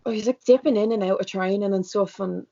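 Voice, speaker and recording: A young woman with an Irish accent, a student guest telling her own story in a candid interview, talking fast with lots of "like". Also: mid-range voice, gravelly, dark tone. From Ireland. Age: young adult. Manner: fast, emotional storytelling with many "like"s. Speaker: student guest, former karate competitor. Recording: dull lo-fi sound.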